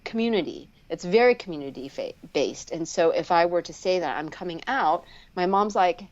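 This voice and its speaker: A woman speech pathologist telling her personal story candidly as a guest in a live online interview, with lots of fillers and restarts, jumping high when she acts out what others said. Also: no room sound, muffled recording. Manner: animated, acts out quoted voices with sharp upward leaps and laughter; frequent fillers and restarts, slows down on heavy moments. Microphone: video call.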